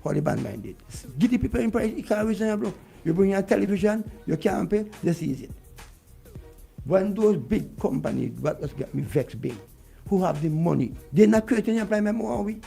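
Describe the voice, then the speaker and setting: Vincentian guy going off on the government, dark rough voice, kinda high. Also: animated, brisk, soft background music. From Saint Vincent. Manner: vexed, ranting, repeats points. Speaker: radio guest. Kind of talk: heated political talk.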